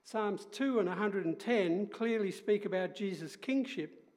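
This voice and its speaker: A man's voice: high voice, a little slow, darkish tone, in a large hall. A man giving a teaching sermon, explaining things patiently and sometimes correcting himself mid-sentence. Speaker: preacher.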